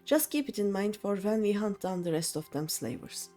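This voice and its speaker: A woman's voice: mid-range voice, animated, moderate pace, mellow, faint music behind, lightly acted. Brash male rogue for a game scene, slangy and swaggering, read by a woman. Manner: slangy, rough sailor talk. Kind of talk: reading game dialogue aloud.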